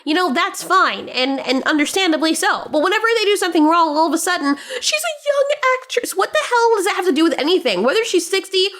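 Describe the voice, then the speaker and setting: Blunt, high-voiced woman ranting. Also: animated, quick pace, hardly any pauses, a bit bright. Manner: blunt, sarcastic and profane. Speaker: commentary channel host. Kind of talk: opinion commentary vlog.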